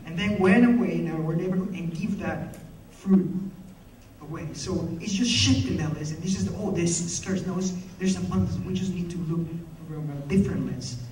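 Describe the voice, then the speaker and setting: A man's voice: sits high, a little mellow, slight background noise. A man giving a passionate, storytelling speech at a conference. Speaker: conference speaker. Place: conference hall. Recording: echoey hall, mic from far off.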